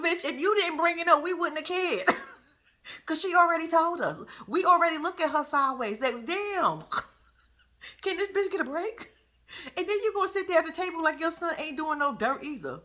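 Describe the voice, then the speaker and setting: A woman giving sassy, animated casual commentary, often laughing. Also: sits high. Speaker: reality TV recap vlogger.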